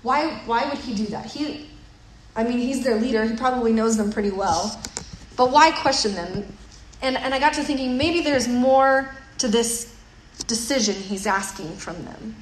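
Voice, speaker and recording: A woman's voice: on the high side, moderate pace. A woman preaching a sermon in a conversational way, often repeating words as she thinks aloud. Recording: roomy echo with faint noise.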